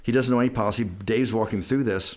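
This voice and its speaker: With a low-leaning, slightly mellow voice at a quick pace, a man being interviewed meanders through a lengthy anecdote. He keeps restarting sentences and reports what people said with "I go."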